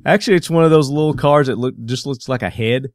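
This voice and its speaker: A man's voice: medium pitch, quick pace, dry recording. A man with a Southern US twang hosting a podcast in casual chat, joking and laughing easily. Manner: laughing, joking, loose and chatty. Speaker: podcast host.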